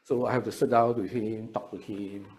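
A middle-aged man with a Singaporean English accent, preaching to seminary students in a lively, chatty way and often repeating his words. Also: fairly low pitch, normal speed. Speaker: pastor.

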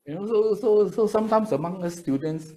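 A middle-aged man with a Singaporean English accent, preaching to seminary students in a lively, chatty way and often repeating his words. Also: sits high, a little fast. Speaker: pastor.

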